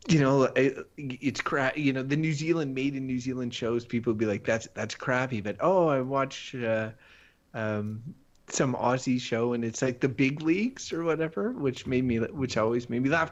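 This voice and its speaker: A Canadian man chatting casually on a podcast livestream. He rambles, laughs often and slips into quick voices when he tells a story. The sound is a little dull and lo-fi. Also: mid-range voice. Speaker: podcast co-host. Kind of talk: casual chat.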